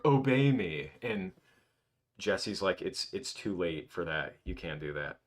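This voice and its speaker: Low-voiced young man rambling on a livestream. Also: fairly bright tone. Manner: rambling, reminiscing, full of restarts. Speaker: livestream host. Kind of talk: casual livestream chat.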